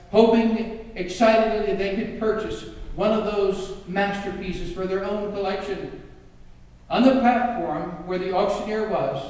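Dramatic preacher in an echoey hall. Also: male voice, high-pitched, darkish tone. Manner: dramatic, emphatic. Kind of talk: sermon storytelling. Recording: echoey hall, distant mic.

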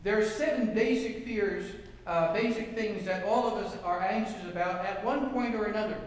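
A man's voice: sits high, moderate pace. A man preaching a sermon as pastor, reading scripture and telling anecdotes with rhetorical questions to the congregation. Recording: echoey hall, mic from far off.

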